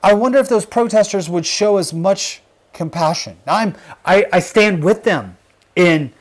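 A man hosting a livestream, talking with fervent emphasis and sinking to a hushed intensity on his gravest points. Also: high voice, expressive, normal speed. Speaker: livestream host. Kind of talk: impassioned livestream commentary.

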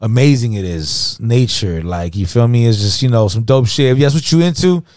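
A man's voice: mid-range voice, animated, moderate pace, darkish tone, no room sound. Slangy storytelling man, dry mic. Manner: slangy, profane, repeats "you know what I mean". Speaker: podcast co-host. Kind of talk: casual storytelling chat.

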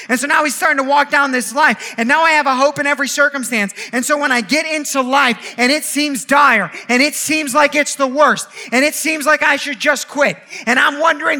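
A man preaching a sermon with impassioned delivery, piling up rhythmic repeated phrases and building up to shouts. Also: very high voice, brisk, hardly any pauses.

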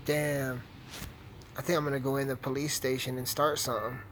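A man's voice: medium pitch, little pitch movement, fairly quick, fairly bright tone, a little hiss or hum, rough recording. A young man giving rambling, profane, trash-talking commentary while playing a video game. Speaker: gaming streamer. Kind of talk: casual gameplay commentary.

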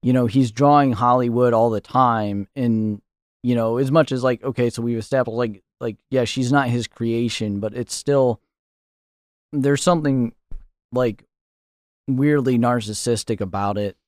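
A man guesting on a podcast, working through his thoughts on a film slowly and thoughtfully. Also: medium pitch, fairly even intonation, darkish tone, no room sound, studio quality. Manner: thoughtful, searching for words with fillers and restarts. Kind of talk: casual film discussion.

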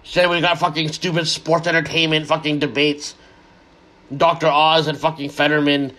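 A man's voice: fairly high pitch, level tone, moderate pace, sharp tone. A man in an angry, heavily profane solo rant. He is sarcastic and keeps repeating words as he restarts his sentences.

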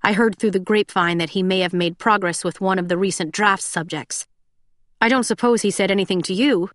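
A woman's voice: medium pitch, brisk, fairly bright tone, dry recording, clean studio sound, natural voice. A woman voicing a weary young prince. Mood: subdued. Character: young male prince, weary, quietly teasing.

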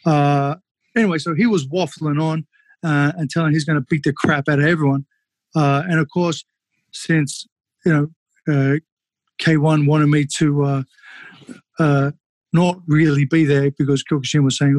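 A man, a former kickboxer, telling fight stories casually on a podcast, animated and swearing freely. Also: fairly high pitch, moderate pace, long pauses, no echo. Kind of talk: casual storytelling.

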